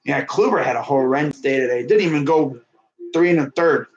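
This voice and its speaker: A man's voice: on the high side, fairly quick, lo-fi sound, slight background noise. Chatty young man calling a game. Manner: chatty, laughs often, talks to someone off-mic. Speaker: fan commentator. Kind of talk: casual play-by-play of a video game.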